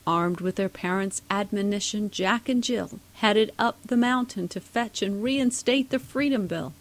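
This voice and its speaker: A woman's voice: medium pitch, measured pace, low-quality recording. A woman narrating a rhyming storybook poem in a sing-song delivery.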